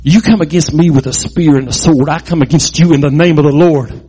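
A man voicing a bold young shepherd hero who answers a giant with confident defiance, in a husky voice. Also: on the high side, a little fast, dark tone, in a large hall. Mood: defiant.

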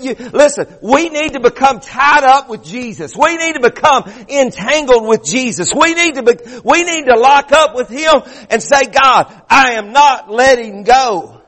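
A man's voice: very high voice, a bit bright, in a large hall. A middle-aged male pastor preaching a sermon, fervent, restarting phrases and repeating words as he builds.

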